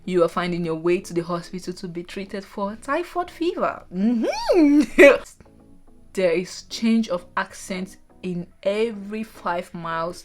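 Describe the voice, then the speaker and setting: Nigerian woman vlogger, lower register, talks straight to camera over soft background music. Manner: chatty, animated asides to viewers. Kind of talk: casual talking-head vlog.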